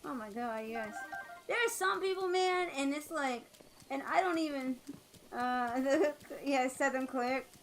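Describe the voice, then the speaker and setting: A woman's voice: high voice, a little slow, soft background music, poor audio. Rambling woman streamer chatting while gaming. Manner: rambling, many fillers and restarts. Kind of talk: casual chat while gaming.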